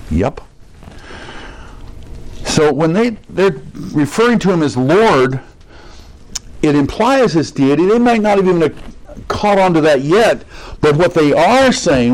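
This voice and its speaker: A pastor with a high, animated voice preaches conversationally, putting questions to his listeners and slowing down to stress the verses he quotes.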